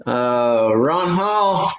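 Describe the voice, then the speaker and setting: A man's voice: medium pitch, expressive, drawn-out words, muffled recording. A middle-aged man hosting a fishing live stream Q&A, chatting casually with lots of "uh" fillers. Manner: laid-back, chatty, frequent "uh" fillers. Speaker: fishing channel host. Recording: echoey room, faint background noise.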